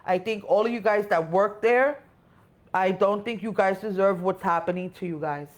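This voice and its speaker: A woman's voice: mid-range voice, moderate pace. A woman with a Spanish accent, co-hosting a casual live stream, chatty and sympathetic, talking in short run-on phrases. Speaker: co-host.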